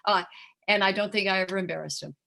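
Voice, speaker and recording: A woman's voice: mid-range voice, quick pace, vocal fry, pushed and bright. An older woman chatting as an interview guest, rambling with many fillers and slipping into voices when she quotes people. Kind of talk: casual chat.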